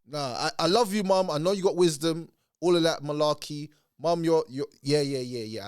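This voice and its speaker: A man ranting in reaction commentary, animated and mocking. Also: a little high, moderate pace, smooth, no room sound, clean studio sound. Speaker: commentary channel host.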